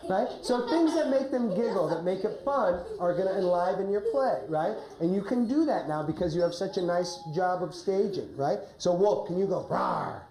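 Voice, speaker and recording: A woman's voice: on the low side, lively intonation, moderate pace, hardly any pauses, mellow. A woman drama coach guiding a class through a play rehearsal, giving instructions and often asking "right?". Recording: echoey classroom, faint noise.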